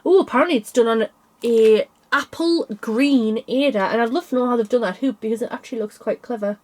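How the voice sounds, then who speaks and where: A woman's voice: fairly high pitch, fairly quick, darkish tone. A young woman chatting casually about cross stitch designs, tired and yawning, rambling with small laughs. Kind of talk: casual chat.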